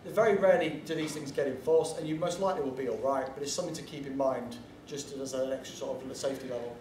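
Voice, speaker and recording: A man talks through an informal convention panel in a blunt, rambling way, dropping the occasional swear. He sits some way off the microphone, so his mid-pitched voice comes through roomy, with a faint hum of ambience behind it. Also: fast talker. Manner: chatty, blunt, digressive, swears casually. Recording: echoey room from far off, faint ambience.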